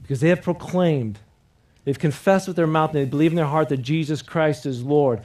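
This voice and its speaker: Earnest preacher man, fairly high voice. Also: brisk. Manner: earnest, repeats key phrases and leads the congregation in call-and-response; swings between loud emphatic preaching and quiet intimate appeals. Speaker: pastor. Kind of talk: sermon.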